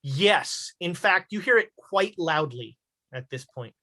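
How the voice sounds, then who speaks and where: A woman narrating a tabletop horror game as game master, halting with many fillers. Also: lowish voice, lively intonation, bright, forceful tone.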